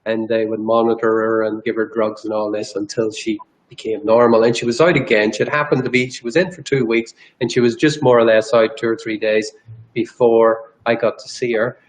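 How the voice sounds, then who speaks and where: A man's voice: lowish voice, level tone, a little fast, low-quality recording. A man from Ireland, a guest energy healer telling a personal story in an interview, earnest and rambling, with restarts. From Northern Ireland.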